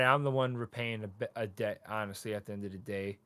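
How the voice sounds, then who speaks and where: A man's voice: medium pitch, dry recording. A man co-hosting a podcast, casually recapping a manga chapter and acting out the characters' lines with lots of swearing. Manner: animated, swearing, acting out characters in quick voices. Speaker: podcast co-host.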